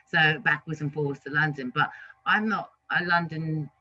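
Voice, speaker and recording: Emphatic man, fairly high and very bright voice, dry muffled sound. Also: moderate pace, no echo. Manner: animated, emphatic, with repeated restarts. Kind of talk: casual discussion. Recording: dry, dull lo-fi audio.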